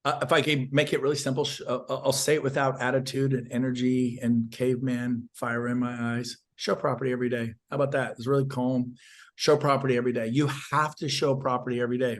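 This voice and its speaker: A man, a real estate agent guest, giving intense, fired-up sales advice on a podcast interview. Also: mid-range voice.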